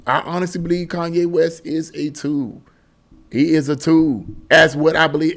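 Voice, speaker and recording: A man hosting an opinion channel, talking off the cuff in a rambling way, full of restarts and disbelieving questions. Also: a little high. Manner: rambling, repetitive, with many restarts and stammers; incredulous, rising questions. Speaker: commentary channel host. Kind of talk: casual opinion monologue.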